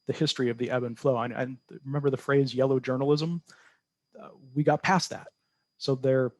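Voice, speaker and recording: Brief: male researcher guest, measured explainer, mid pitch, dry close sound. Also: no echo. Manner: measured, explanatory, self-correcting. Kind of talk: podcast interview answers.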